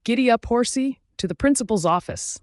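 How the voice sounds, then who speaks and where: A man's voice: fairly high pitch, expressive, moderate pace, no room sound, studio quality, voice pushed up, lightly acted. A man voicing a brash, foul-mouthed teenage werewolf girl who talks in a mocking, defiant way.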